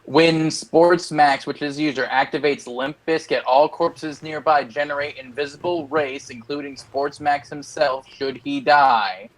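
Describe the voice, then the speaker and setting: A man co-hosting a casual online podcast, explaining things at length in a dry tone. His voice sits slightly high. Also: fairly even intonation, unhurried, few pauses, poor audio. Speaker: co-host. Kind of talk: casual podcast chat over the internet.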